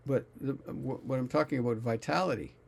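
A man's voice: medium pitch, steady tone, fairly quick, gravelly, husky. A man reading scripture aloud and musing on it casually, often searching for words. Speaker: scripture reader and commentator.

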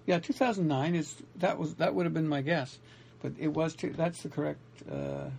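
A man's voice: a little high, very animated, moderate pace, gravelly, darkish tone, slight background noise. A man talking alone to his audience in a meandering way, correcting himself often and restarting his sentences. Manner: meandering, self-correcting, many restarts and fillers. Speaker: independent writer and vlogger. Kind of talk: rambling solo talk to camera.

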